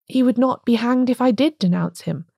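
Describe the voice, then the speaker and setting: A woman's voice: medium pitch, normal speed, mellow, no echo, studio quality, lightly acted. A woman reading a storybook voicing an agitated, stammering male curate. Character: nervous excited male curate, feverish.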